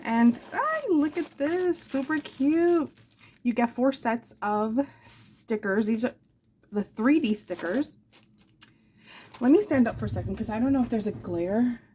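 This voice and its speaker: A craft channel host in her forties chats casually and affectionately while showing off her craft supplies, drifting into rambling asides. Her fairly high voice is animated with a darkish tone, measured in pace, and there's slight background noise.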